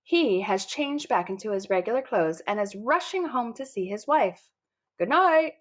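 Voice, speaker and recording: A woman narrating a first-person children's story in a lively, childlike storytelling manner. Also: medium pitch, moderate pace. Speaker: audiobook narrator.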